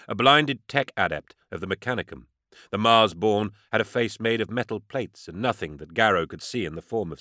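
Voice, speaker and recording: An audiobook narrator reads scripted text in a forceful, dry male voice with a fairly low pitch. The recording itself is dry.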